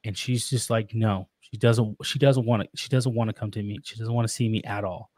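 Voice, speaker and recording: A man's voice: fairly low pitch, steady tone, fairly quick, darkish tone, dry recording. A man guesting on a podcast, talking about being a father in an earnest, reflective way, often restarting his sentences. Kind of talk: casual interview talk.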